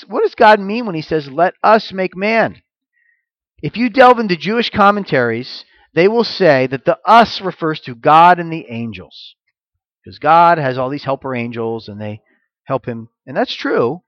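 Man, rabbi's sermon, animated delivery, slow emphasis on key words, dry close sound. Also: fairly high pitch, no echo, muffled recording. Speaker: messianic rabbi. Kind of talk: sermon teaching.

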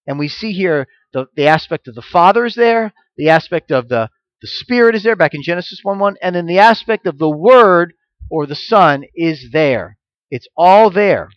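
A man preaching a sermon as a messianic rabbi, reading scripture and drawing out key words slowly for emphasis. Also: sits high, expressive, no echo, lo-fi sound. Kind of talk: sermon teaching.

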